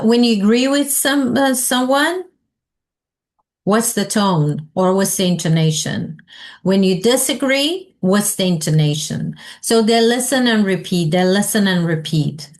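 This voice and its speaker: Woman running a teacher workshop, talks real slow, keeps asking the group stuff. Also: a little high. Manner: slow, questioning, models example sentences aloud. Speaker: ESL teacher trainer leading a session. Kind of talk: interactive teaching session.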